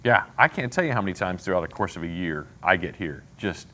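Man teaching with a lively voice. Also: low voice, quick pace, slight background noise. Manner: conversational, frequent "right?" and "okay?" check-ins. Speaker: Bible study teacher. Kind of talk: casual Bible teaching.

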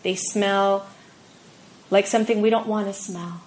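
A woman on a faith discussion panel, telling animated personal stories in a casual way. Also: medium pitch, unhurried, a little hiss or hum, poor audio. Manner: animated storyteller, acts out quoted voices.

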